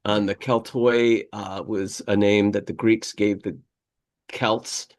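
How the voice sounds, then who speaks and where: A man's voice: lowish voice, little pitch movement, takes it slowly. A man co-hosting a casual podcast, reading history aloud and drifting into rambling asides with frequent laughter. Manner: rambling, digressive, laughs often. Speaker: podcast co-host.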